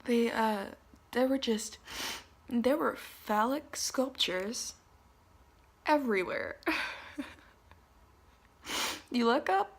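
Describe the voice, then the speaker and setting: Chatty young woman with a gravelly edge. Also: on the high side, drawn-out words, long pauses. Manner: chatty, animated retelling with lots of fillers. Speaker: vlogger. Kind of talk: casual storytelling to camera. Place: travel spots in Italy, some clips outdoors.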